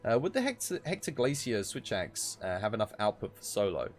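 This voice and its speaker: A man's voice: on the low side, big pitch swings, fairly quick. Tired man streaming a game. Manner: chatty, laid-back, gives gear advice. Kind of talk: casual live-stream chat.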